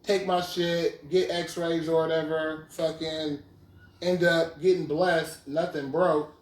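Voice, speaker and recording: A man's voice: on the high side, little pitch movement, slow. A man in his twenties hosting a podcast, casually retelling a story in slang and often asking "you feel me". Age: 20s. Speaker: podcast host. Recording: roomy, distant mic.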